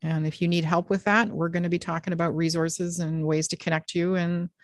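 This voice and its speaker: A woman's voice: on the low side, flat delivery, brisk, no room sound. A woman hosting a podcast, talking in a frank, direct and emphatic way in candid conversation. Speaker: podcast host.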